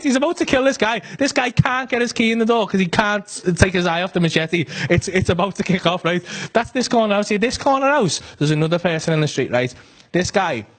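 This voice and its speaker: A man with a Northern English accent doing stand-up storytelling, animated and sweary, full of conversational asides. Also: sits high. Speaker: stand-up comedian.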